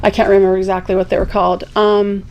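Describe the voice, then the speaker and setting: A woman talking as a guest on a casual talk show, telling a story with sarcastic asides and lively quoted voices. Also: mid-range voice, fast, muffled recording.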